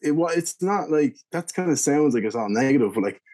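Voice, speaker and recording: A man's voice: fairly high pitch, expressive, a little fast, darkish tone. A young man with an Irish accent, telling a long anecdote in a casual, rambling interview style with lots of fillers and restarts. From Ireland. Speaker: guest, beer reviewer.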